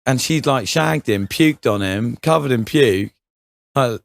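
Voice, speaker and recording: A man's voice: mid-range voice, animated, unhurried, vocal fry, dry recording. A young man telling a rambling story on a casual podcast, full of fillers, restarts and laughter. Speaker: podcast co-host.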